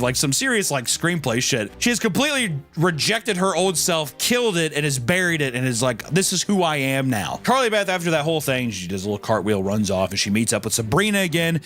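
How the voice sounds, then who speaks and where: A man's voice: on the high side, a bit bright. A man recapping an episode for laughs, cracking crude jokes, laughing and acting out the characters' lines. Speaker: show recap host.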